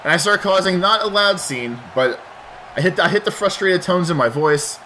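A man's voice: high-pitched, animated, normal speed, pushed and bright, slight background noise. Rambling, profane man telling a story. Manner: rambling, profane, with frequent restarts. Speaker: let's play host. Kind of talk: casual storytelling over gameplay.

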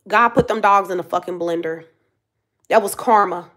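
This tarot reader, a woman in her thirties, speaks at normal speed in a mid-range, fairly bright voice during a casual reading. Blunt and emphatic, she says things more than once and curses without hesitation.

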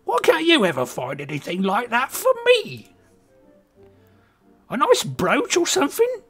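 A man doing a shrill falsetto British wife. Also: huge pitch swings, a little slow, faint music behind, full character voice. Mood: teasing. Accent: bad put-on British accent.

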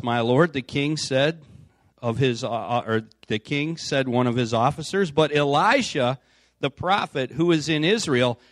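Reading scripture with offhand asides, a man from the United States delivers a conversational sermon as a pastor in church. The recording is dry and studio quality, and his voice is mid-range.

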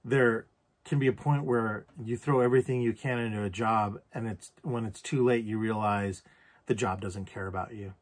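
A man's voice: lowish voice, fairly even intonation, moderate pace. A man recounting a personal story for a journal vlog, candid and reflective, with casual swearing. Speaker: vlogger.

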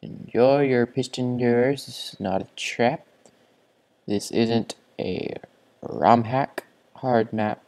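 A man with a stuffy, congested voice narrates his own gameplay in an unhurried, drawn-out way. He swings between quiet mutters to himself and sudden excited gasps. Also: medium pitch. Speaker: gaming channel host. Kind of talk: let's play commentary.

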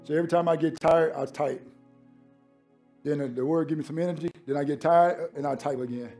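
A man preaching a sermon as pastor, shouting hard, then talking lower while catching his breath. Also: steady tone, a little fast, faint music behind.

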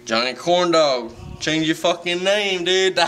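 A man's voice: medium pitch, pushed and bright, close to an everyday voice. A man playing a drunk, rambling male fan with a Southern accent, swearing and repeating himself in a comedic monologue, heard from a distance. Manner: rambling, profane, repetitive. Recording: distant mic with faint background noise.

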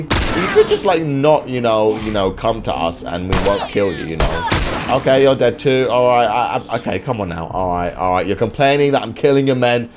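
A young man commentating a video game as he plays, excitable, swearing and yelping often. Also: medium pitch, noisy background. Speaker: gaming YouTuber. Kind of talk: let's play commentary.

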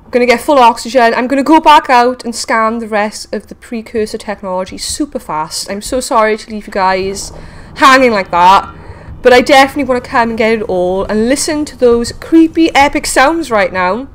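A woman hosting a casual game video, chatting excitedly to viewers and talking to the creatures she meets. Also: fairly high pitch, normal speed. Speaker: gaming video host. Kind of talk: casual let's-play commentary.

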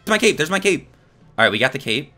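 A young man giving live, excitable gameplay commentary to his chat, swearing and laughing as he plays. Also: a little high, quick pace, soft background music. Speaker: streamer.

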